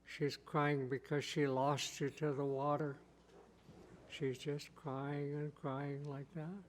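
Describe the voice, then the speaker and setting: A man's voice: on the high side, level tone, slight background noise. A man telling of a stern old grandfather beneath the water. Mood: measured. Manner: stern, unhurried.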